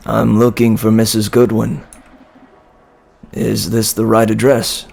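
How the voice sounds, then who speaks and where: A man's voice: fairly low pitch, monotone, takes it slowly, vocal fry, long pauses, darkish tone. A man playing a horror game, reading the dialogue aloud and muttering dry asides. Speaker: game player. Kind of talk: let's-play commentary and reading dialogue.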